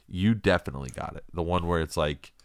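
A man's voice: low voice, quick pace, gravelly, clean tone, no room sound, clean studio sound. A man in his thirties co-hosting a podcast, chatting casually and jokingly with lots of fillers. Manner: joking, rambling with many fillers. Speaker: podcast co-host. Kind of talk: casual chat.

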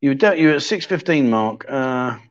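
A man's voice: medium pitch, expressive, a little fast. A man hosting a casual livestream chat show, joking around and thinking aloud as he reads out viewer comments. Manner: chatty, jokey, thinks aloud while scrolling comments. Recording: slightly dull lo-fi sound.

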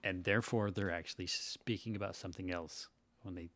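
A man's voice: deep voice, steady tone, fairly quick, a bit bright, no room sound. A man talking casually as a podcast guest, mostly offering short agreeing replies and now and then explaining his own view. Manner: laid-back, brief agreeing replies. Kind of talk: casual conversation.

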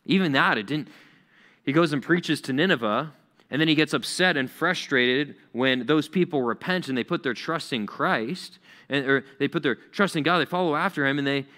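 A man's voice: a little high, sharp tone. A male pastor preaching a sermon in a conversational, emphatic way, repeating key words for effect.

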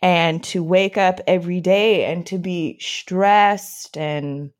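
A woman being interviewed, telling personal stories in a lively way, acting out quoted speech and laughing often. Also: on the low side, slow. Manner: animated storyteller who acts out quotes, laughs often. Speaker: interview guest. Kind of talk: casual conversation.

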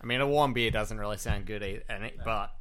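A man's voice: on the low side, fast, fairly bright tone. A man with an Australian accent as guest on a casual podcast chat, laid-back with dry quips.

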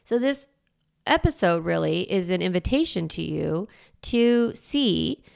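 A woman's voice: on the low side, lively intonation, unhurried, vocal fry, darkish tone. A woman in her forties hosting a solo parenting podcast, coaching and encouraging in a casual, chatty way with lots of fillers. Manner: casual and chatty, filler-heavy, laughs easily.

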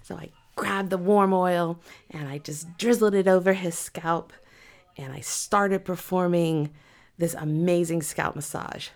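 A woman, a massage therapist, telling a story from work in a casual, animated way and acting out both sides of the exchange. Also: on the low side, unhurried.

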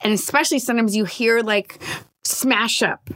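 Bright bubbly woman podcast host. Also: on the high side. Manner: bubbly and effusive, quick laughs and gushing praise. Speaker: podcast co-host, comedian and storyteller. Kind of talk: casual chat.

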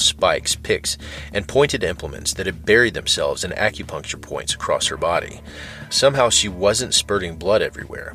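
Deep-voiced man narrating a story. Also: sharp tone. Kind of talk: scripted narration.

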